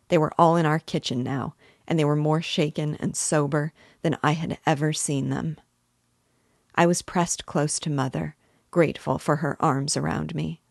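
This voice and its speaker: A woman narrating a novel aloud in a steady, measured way. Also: deep voice, gravelly, dry recording, studio quality.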